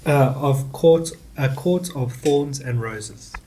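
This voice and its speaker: A man with a middle-pitched voice co-hosts a casual podcast. He teases and prompts the others as they talk. Faint noise hums behind him. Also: slow pace, dark tone. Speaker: podcast co-host. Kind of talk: casual chat.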